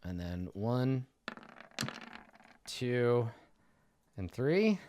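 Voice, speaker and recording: A man's voice: medium pitch, big pitch swings, extremely slow, noisy background. A man running a tabletop game as game master, narrating the action and rolling for monsters.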